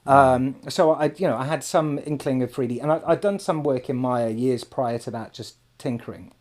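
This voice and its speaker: A man's voice: medium pitch, normal speed, darkish tone. A man chatting casually on a podcast, playful and jokey, with stammered restarts.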